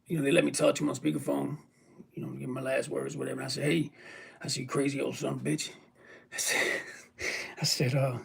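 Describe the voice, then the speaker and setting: A worn-out, ill man talking casually and emotionally to his viewers, rambling and swearing freely. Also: medium pitch. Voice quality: gravelly. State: weary and ill. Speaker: vlogger. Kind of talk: casual vlog talk to viewers.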